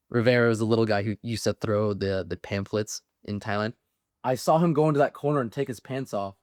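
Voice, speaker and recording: Young guy swearing his way through crazy stories, normal pitch, dry close mic. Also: brisk, clean tone, no room sound. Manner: profane, animated storytelling with laughs. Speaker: podcast guest, Marine veteran. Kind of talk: casual storytelling.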